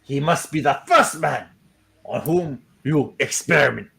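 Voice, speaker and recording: A man doing a slow, formal, ominous envoy. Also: on the high side, gravelly, fairly bright tone, pitched below the performer's own voice.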